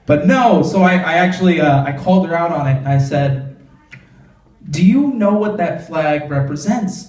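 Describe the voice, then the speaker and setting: On a comedy club stage, a young comedian delivers a stand-up set in a loose, conversational way, putting lots of "like" before each punchy punchline. His voice is a bit high and a little mellow at a moderate pace, echoing in the room and sounding slightly distant from the mic.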